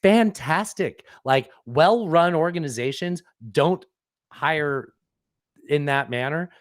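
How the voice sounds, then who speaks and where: A man's voice: fairly high pitch, slow, no room sound, clean studio sound. A man hosting a casual political podcast, opinionated and explaining at length with frequent restarts. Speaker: podcast host.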